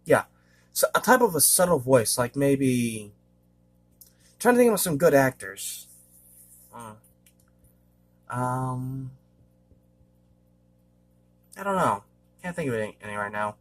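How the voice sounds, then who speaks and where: A male vlogger rambles through a casual monologue in a husky voice, his pitch swinging widely up and down. He goes slowly, pausing often, hesitating over fillers and frequently clearing his throat.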